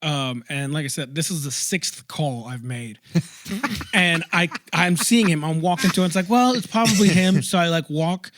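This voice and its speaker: A young adult man casually telling a story to friends, animated, laughing and swearing freely. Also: a little high, normal speed, no room sound. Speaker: podcast co-host.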